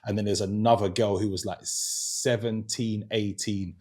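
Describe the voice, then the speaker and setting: Guy, kinda low and husky, podcast guest telling a story, stops and restarts a lot. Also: steady tone, unhurried, darkish tone. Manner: earnest, hesitant storytelling with restarts. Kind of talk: casual chat.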